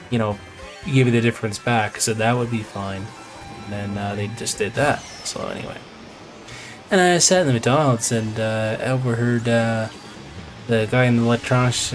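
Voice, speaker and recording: A man live-streaming a video game, chatting casually in a rambling, exasperated way with mild swearing. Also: mid-range voice. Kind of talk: casual chat while playing. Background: faint video game music.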